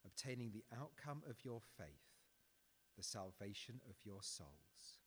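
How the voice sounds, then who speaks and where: Earnest male pastor in a long, reverberant hall. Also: lowish voice. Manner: earnest, quietening to a hushed close. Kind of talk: sermon with a story reading.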